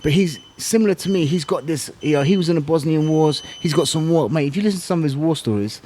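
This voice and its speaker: Fast-talking blunt man. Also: fairly high pitch, mellow, a little hiss or hum. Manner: blunt, swears freely, slangy storytelling. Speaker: podcast guest, former kickboxing champion. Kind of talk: casual interview talk.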